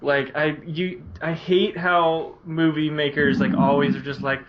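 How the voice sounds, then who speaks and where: A man's voice: on the high side, level tone, unhurried, hardly any pauses, dull audio, a little hiss or hum. A man co-hosting a casual movie review chat, scornful and giggly. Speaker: podcast co-host.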